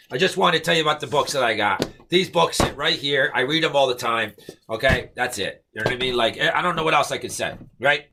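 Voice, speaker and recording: A man's voice: medium pitch, bright, forceful tone, slight background noise. A man giving an emphatic, repetitive motivational pep talk to camera, stressing his points with "okay?". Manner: fired-up, preachy. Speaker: network marketing motivational speaker.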